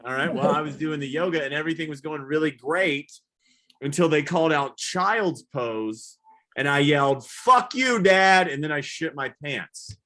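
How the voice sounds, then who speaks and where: Guy doing standup, bright edgy voice, rambly and self-deprecating, yells woo sometimes. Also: a little high, steady tone, normal speed. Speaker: stand-up comedian. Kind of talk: stand-up comedy set. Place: comedy show, live virtual audience.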